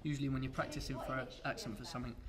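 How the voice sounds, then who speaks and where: Man, fast, flat tone, matter-of-fact, crowd behind. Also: medium pitch. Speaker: workshop participant. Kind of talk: casual testimonial.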